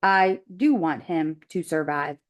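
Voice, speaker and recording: A woman's voice: low voice, slow pace, voice pushed down. A woman teacher voicing a friendly female robot in a children's read-aloud, speaking politely and formally.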